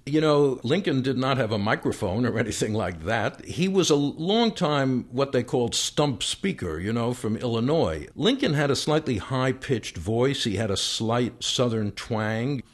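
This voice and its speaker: A man, a historian guest on a radio interview, explaining in a measured way and chuckling now and then. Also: mid-range voice, expressive. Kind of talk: radio interview, then reading a speech aloud.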